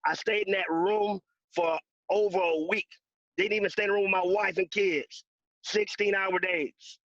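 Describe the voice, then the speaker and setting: Man with a high voice, insurance agent sharing closing tips; dry, dull video-call sound. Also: fairly even intonation, normal speed, a bit bright, no room sound. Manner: driven, emphatic, repeats key phrases. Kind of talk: motivational sales talk on a video call. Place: secluded room at home.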